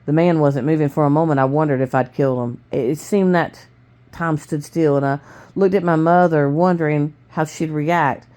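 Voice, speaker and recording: A woman reading a novel aloud to her family in plain, steady storytelling with small stumbles. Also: low-pitched, moderate pace. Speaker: family reader.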